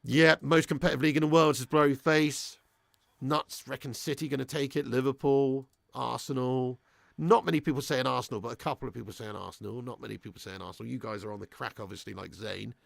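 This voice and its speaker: A man's voice: medium pitch, steady tone, fast talker, gravelly, fairly bright tone, no echo, clean studio sound. A young man hosting a live match watch-along, swearing freely and reading out viewer messages. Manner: crude, swearing fan banter; reads out viewer super chats. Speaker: fan channel host.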